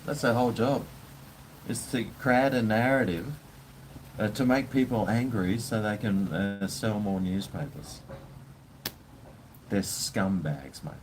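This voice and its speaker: A man's voice: on the low side, a little slow, pauses often, noisy background. A man with an Australian accent, ranting bluntly and swearing as he chats casually with viewers on his livestream. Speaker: live stream host.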